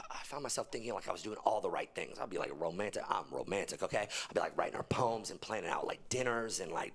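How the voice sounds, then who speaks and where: A young man serving as pastor delivers a lively sermon to his congregation in the church auditorium. His voice frequently leaps up loudly to stress points and falls soft and low whenever he quotes something.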